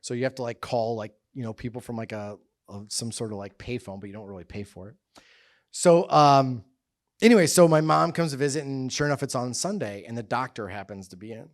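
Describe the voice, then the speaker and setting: A man's voice: medium pitch, a little fast. A middle-aged man telling a personal story on stage at a business event, casual and self-mocking, with many fillers. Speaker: business summit speaker. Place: event stage before an audience.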